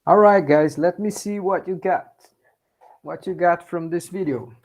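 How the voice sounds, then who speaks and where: A man with a Brazilian Portuguese accent, a native Portuguese speaker, addresses his students in a casual classroom. His voice sits a little high, and he is relaxed, prompting the class to respond. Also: a little slow. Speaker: professor.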